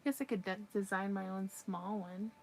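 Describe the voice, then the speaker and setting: A woman in a relaxed livestream chat, talking to her viewers while she crochets. Her voice sits at an ordinary middle pitch and she keeps an easygoing, chatty manner. A faint hum of background noise runs under the recording. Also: normal speed. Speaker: livestream crafter.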